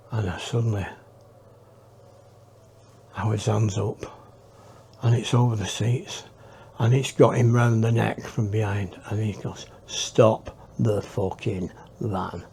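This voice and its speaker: A man telling a personal adventure story in a casual, unhurried way, with pauses and hushed asides. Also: on the low side, fairly even intonation, vocal fry, slight background noise. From England. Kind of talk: casual spoken anecdote.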